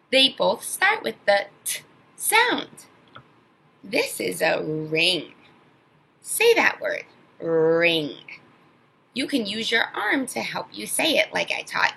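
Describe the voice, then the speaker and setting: A woman teaching an online phonics lesson to young children, sounding out words slowly and with exaggerated emphasis. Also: mid-range voice, vocal fry, bright, forceful tone, husky, rough recording.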